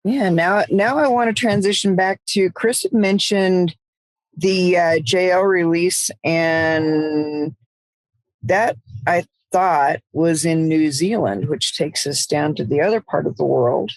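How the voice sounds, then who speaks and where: A woman's voice: lowish voice, takes it slowly, no room sound, rough recording. A woman with a Southern US accent co-hosting a podcast in casual chat, friendly and prone to restarting her sentences. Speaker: podcast co-host.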